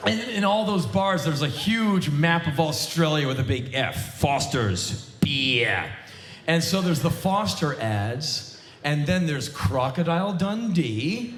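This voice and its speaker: A sardonic man in his forties delivers a comedic spoken word set live from a theater stage. His pitch swings in animated, lively arcs as he punches his points. The hall gives his voice a roomy ring. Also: unhurried. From United States. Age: 40s. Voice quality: sardonic, emphatic. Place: large theater stage before an audience.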